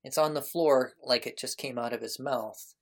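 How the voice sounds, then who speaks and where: A woman's voice: a bass voice, moderate pace. A woman running a tabletop role-playing game, describing scenes and explaining details at a leisurely pace. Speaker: game master.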